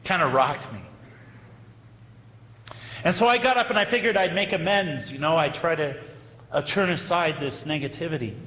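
A male priest preaches, spinning a story with lively, dramatic pauses. His fairly high voice rings out through a big hall, with a long, echoing reverb trailing behind each phrase. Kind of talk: sermon storytelling.

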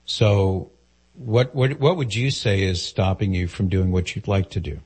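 A man's voice: sits low, unhurried, a little mellow, slightly rough. A man hosting a call-in advice show, speaking directly and earnestly and posing questions to the caller. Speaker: radio advice host.

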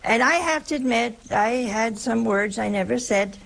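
Creaky-voiced woman preaching with folksy humor. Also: a little high, moderate pace, heavy background noise. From Italian-American family. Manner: folksy, humorous storytelling with rhetorical questions. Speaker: religious teacher giving a talk. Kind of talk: sermon.

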